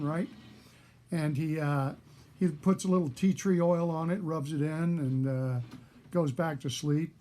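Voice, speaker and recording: A man from Texas telling a crude joke to a friend in a relaxed, casual way, swearing freely. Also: fairly high pitch. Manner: relaxed, swearing, warm-hearted storyteller. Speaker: guest actor.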